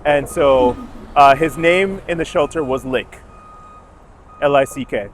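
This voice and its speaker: A man's voice: fairly high pitch, a little slow, slight background noise. A young man from Jamaica, a dog owner, chatting casually outdoors on a city street and telling his story in a rambling, self-correcting way. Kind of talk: casual chat.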